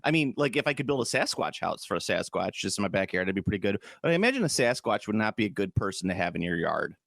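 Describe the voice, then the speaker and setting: Male podcast co-host, animated, jokey, dry close mic. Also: lowish voice, fast, gravelly, no room sound. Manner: animated, joking, tries accents. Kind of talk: casual chat.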